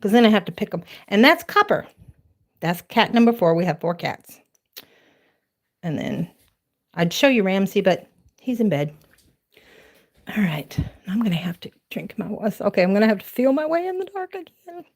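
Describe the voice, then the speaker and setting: A woman's voice: mid-range voice, big pitch swings, normal speed, pauses often, dry recording. A woman in her forties with a Southern accent, hosting a casual late-night crafting livestream from her home. She chats and rambles as she walks through the house, laughing often and talking to her viewers. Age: 40s. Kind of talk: casual live-stream chat. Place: her home, moving from room to room.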